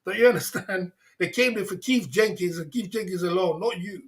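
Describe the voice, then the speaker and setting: A man with a high-sitting voice talks fairly quickly while hosting a livestream. He's tipsy and laughing, ranting in a repetitive, casual way full of swearing.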